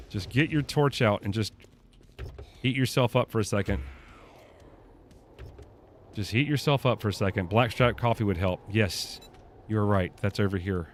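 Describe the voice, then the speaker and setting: A man's voice: lowish voice, normal speed, long pauses, a little hiss or hum. A young man streaming a survival game live, cursing, panicking and talking to his chat as he plays. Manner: profane, panicky, talks to chat. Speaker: gaming streamer. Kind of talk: live gameplay commentary. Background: faint game music.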